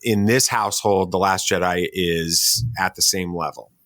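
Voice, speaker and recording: A man's voice: deep voice, fairly bright tone, no echo. A middle-aged man hosting a podcast, chatting casually and telling a story with many restarts. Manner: halting, restarts a lot, storytelling. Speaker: podcast host. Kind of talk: casual interview chat.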